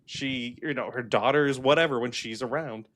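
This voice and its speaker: A young man co-hosting a casual movie review chat, animated and acting out quotes from scenes. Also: mid-range voice, moderate pace, slight background noise. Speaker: movie review podcast co-host.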